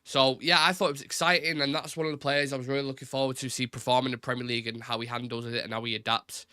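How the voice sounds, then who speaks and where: A young man hosts a relaxed live football stream and talks in loose, stop-start phrases that often double back on themselves. His voice has a sharp, forward edge. The sound is close and dry, with no room tail. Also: mid-range voice, fast talker, clean tone, no echo. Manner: chatty, repeats words, says "innit", reads chat aloud.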